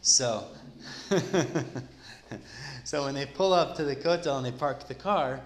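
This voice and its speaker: A man's voice: mid-range voice, takes it slowly. A man casually retelling a religious story, his talk sprinkled with Hebrew and Yiddish terms. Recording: echoey room with faint background noise.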